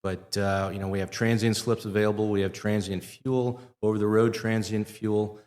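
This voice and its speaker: A man's voice: lowish voice, flat delivery, normal speed, darkish tone. A middle-aged man from the Midwest, a marina owner talking in a casual interview with many fillers and restarts. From Wisconsin, US Midwest. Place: live show at a fishing center. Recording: long reverb of a large live venue.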